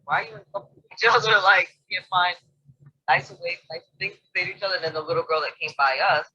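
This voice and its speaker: Husky, bright voice telling stories casually. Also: medium pitch, fast, lo-fi sound. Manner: animated storyteller, acts out quotes, laughing. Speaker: tarot reader co-host. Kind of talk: casual chat.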